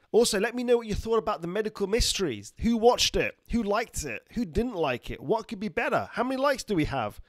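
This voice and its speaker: A man chats casually on a live stream, reading out viewer names and teasing the audience. His voice sits a little high for a man and sounds dry and close, with no room around it. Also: no echo. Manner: reads out viewer names and greetings, jokey. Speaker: doctor hosting a live stream.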